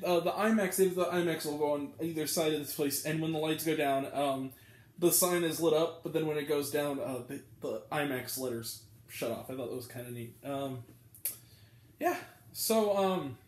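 A man's voice: fairly high pitch, moderate pace. A young man rambling casually through a movie review with lots of ums and uhs. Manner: rambling, filler-heavy, chatty. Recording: roomy echo.

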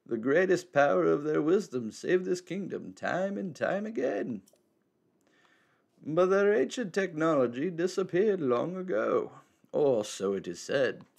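A man voicing a mysterious, teasing old male hermit in a slow, measured old man voice, reading game dialogue aloud. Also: a little high, gravelly, voice pushed up, exaggerated voice.

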